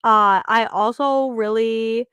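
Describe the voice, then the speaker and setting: A woman's voice: on the high side, fairly even intonation, slow, a bit bright, clear, resonant tone, no echo. A woman chatting casually in a book club discussion, full of "like" fillers and restarts.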